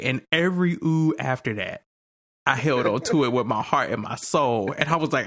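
A man in casual chat, telling animated stories in slangy, profane speech. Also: mid-range voice, moderate pace.

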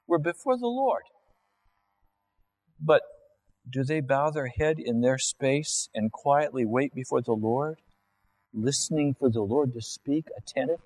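Slow-speaking male preacher acting out scenes. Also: a little mellow, rough recording. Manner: acts out biblical dialogue and everyday scenes in varied voices; slow, deliberate delivery with sudden high-pitched exclamations. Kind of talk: sermon.

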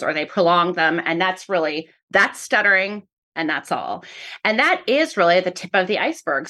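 A woman's voice: mid-range voice, a bit bright. A woman professor of speech-language pathology giving earnest, explanatory interview answers. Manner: earnest, explanatory, repeats "really" often.

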